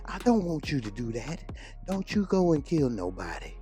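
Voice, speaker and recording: Man playing a grieving mom, soft pleading, raised pitch. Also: very animated, moderate pace. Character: grieving middle-aged mother, pleading.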